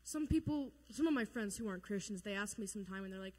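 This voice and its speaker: A woman gives a relaxed Bible lesson to a youth group, her voice bouncing off the walls of an echoey hall. She talks in a chatty, joking way and slips into silly voices when she quotes people. Her pitch sits in an ordinary middle range. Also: fast talker. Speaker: youth Bible study leader.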